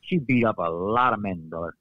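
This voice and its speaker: A man's voice: lowish voice, a little fast, no room sound. Middle-aged male guest, folksy storyteller, dry close sound, a bit dull. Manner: lively storyteller, folksy asides. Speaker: guest former wrestler. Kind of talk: casual storytelling on a podcast. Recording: slightly dull dry remote audio.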